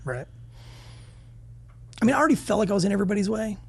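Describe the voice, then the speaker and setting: A man with a gravelly, husky voice tells war-story style anecdotes as a podcast guest. He talks fast and animated, swears freely and trips over restarts as he mocks himself. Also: high voice. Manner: rapid, self-deprecating, frequent restarts. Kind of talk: animated storytelling, casual and profane.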